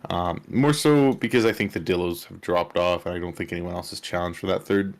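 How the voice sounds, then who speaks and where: A man's voice: low voice, brisk. A man being interviewed as a player in a casual online chat, rambling with many fillers and restarts. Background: chewing on ice.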